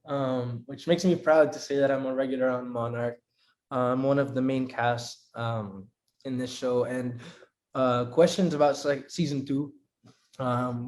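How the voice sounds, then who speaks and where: A young man from the Philippines with a Filipino accent, answering interview questions in a relaxed, chatty way with lots of fillers. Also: medium pitch. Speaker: actor guest at a press conference. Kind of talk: casual interview answers, mixing English and Filipino.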